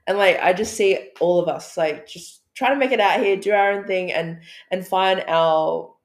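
A woman from Australia co-hosting a podcast, talking in a reflective, earnest way with soft laughs. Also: lowish voice, moderate pace. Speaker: podcast co-host. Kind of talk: casual chat. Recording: echoey room.

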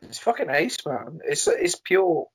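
A man's voice: on the high side, sing-song, measured pace, breathy edge. A young man, chatting enthusiastically about guitar music and swearing freely. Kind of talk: casual chat about music.

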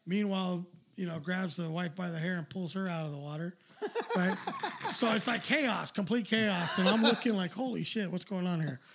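A man with a high voice and a rough, gravelly edge tells a long story in loose, casual talk. He is middle-aged. He rambles, swears freely and laughs at his own anecdote. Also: normal speed, fairly bright tone, slight background noise. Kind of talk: casual chat, telling an anecdote.

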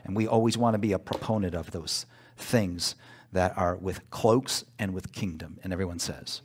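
A man's voice: low voice, moderate pace, slightly rough. Man, pastor, emphatic sermon, call-and-response asides, church.

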